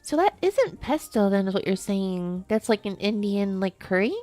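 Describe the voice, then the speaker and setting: A woman streamer talks through a casual live-stream chat, rambling from thought to thought and giggling often. Her voice sits at a middle pitch, and she keeps restarting her sentences. Faint music plays quietly behind her. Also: very animated, normal speed.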